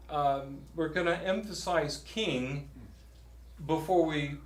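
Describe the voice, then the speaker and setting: A man leading a workshop on psalm chanting in a church, chatty and halting, with many fillers and restarts as he coaches singers. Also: a little high, reverberant. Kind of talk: teaching a choral workshop.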